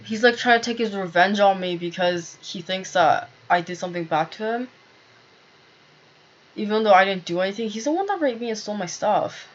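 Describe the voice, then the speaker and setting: A woman's voice: mid-range voice, fairly quick. A woman telling a rambling, agitated personal story to camera, full of fillers and swearing. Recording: dull lo-fi recording.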